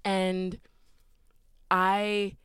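A woman's voice: mid-range voice, monotone, very slow, fairly bright tone, smooth, no room sound. A young woman co-hosting a podcast, telling a travel story in a chatty way with lots of "like". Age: young adult. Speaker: podcast co-host. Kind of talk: casual chat.

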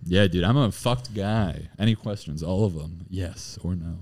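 A young man in his twenties, crude and animated, laughing through casual banter with friends. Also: low-pitched, moderate pace, slight background noise.

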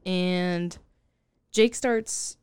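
A woman's voice: lowish voice, drawn-out words, a little mellow, clean tone. A woman co-hosting a podcast, rambling through a film's plot in casual chat. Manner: rambling, chatty plot recap with frequent laughs. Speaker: podcast co-host.

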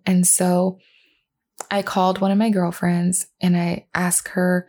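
A woman's voice: mid-range voice, flat delivery, unhurried, a little mellow. A woman in her thirties, a mother earnestly recounting a personal story and retelling what was said. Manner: earnest, retelling dialogue, with fillers and restarts.

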